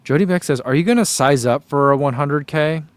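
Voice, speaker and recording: A man's voice: on the high side, brisk, clean tone, no echo. A man chatting casually on a vlog, rambling through running shoe thoughts and reading viewer comments aloud.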